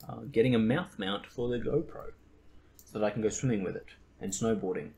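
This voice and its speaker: A man's voice: on the low side, a little fast, vocal fry, warm tone. A young man hosting a podcast in casual chat, rambling and laughing at his own stories. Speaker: podcast host.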